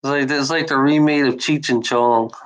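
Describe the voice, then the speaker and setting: A woman's voice: rumbling low, rough recording. A woman in a casual rambling monologue, swearing freely and often breaking into laughter.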